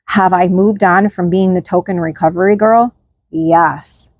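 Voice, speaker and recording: A woman's voice: lowish voice, steady tone, unhurried, no echo, highs cut off. A woman host chatting candidly to camera, frank and informal, often tagging lines with "like" and "right?". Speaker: channel host. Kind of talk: casual chat to camera.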